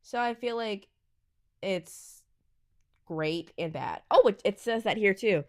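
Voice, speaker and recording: A woman's voice: medium pitch, expressive, slow pace, no echo, clean studio sound. A woman hosting her own solo podcast, chatting candidly as she reads quiz results aloud and reacts to them. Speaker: podcast host. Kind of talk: casual solo podcast chat.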